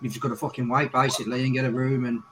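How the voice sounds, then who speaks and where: A man's voice: mid-range voice, little pitch movement, rapid-fire, noisy background. A man with a Scouse accent, hosting a casual group podcast chat and talking in rambling, swearing sentences. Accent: English, Scouse. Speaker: podcast host.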